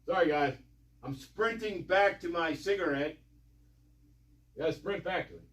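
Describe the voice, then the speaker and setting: A man's voice: on the high side, a little slow, a bit bright, reverberant, distant mic. A man giving mocking, sarcastic commentary, swearing and rambling with lots of repetition. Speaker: online commentator.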